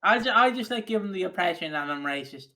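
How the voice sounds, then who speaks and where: A man from Ireland co-hosting a podcast, joking and mocking himself in halting, stop-start casual chat. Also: sits high, lively intonation, over a noisy crowd. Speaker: podcast co-host.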